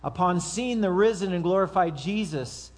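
A man's voice: high-pitched, normal speed. A man preaching a sermon to his congregation in a conversational way, with asides and acted-out quotes. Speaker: pastor.

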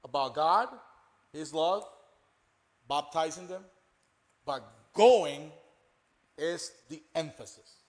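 A man's voice: on the high side, a little slow, pauses often, fairly bright tone. A man, a pastor, explaining scripture emphatically and repeating his key point. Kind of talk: sermon-like discussion.

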